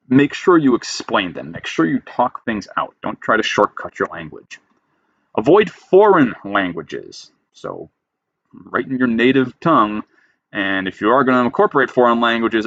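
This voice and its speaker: Here a man with a lowish, fairly bright voice lectures on creative writing, reading out each style rule and then explaining it emphatically in plain terms. The recording sounds muffled.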